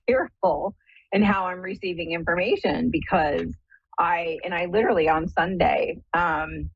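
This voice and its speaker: A woman's voice: lowish voice, slightly rough, dry recording, muffled recording. A middle-aged woman from the American Midwest hosting a live call-in psychic radio show, chatty and spiritual, laughing often and checking in with "right?". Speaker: psychic medium radio host.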